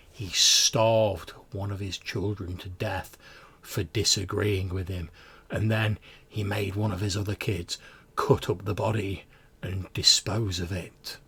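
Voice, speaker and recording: A man's voice: deep voice, creaky, a bit bright, slightly rough, exaggerated voice. A man voicing a teenage boy who dramatically tells a spooky ghost story to his friends. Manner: dramatic storyteller, building suspense.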